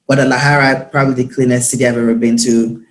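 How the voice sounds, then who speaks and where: A young man from Nigeria, a guest talking in a casual interview, quick and emphatic. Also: medium pitch, level tone. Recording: roomy echo.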